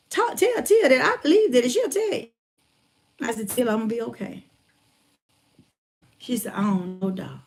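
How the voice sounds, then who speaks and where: A motivational speaker telling a personal story in a casual, folksy way, retelling conversations and calling listeners by name, still getting over a chest cold. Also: female voice, sits high, gravelly. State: recovering from chest cold, congested breathing. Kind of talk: casual testimony talk.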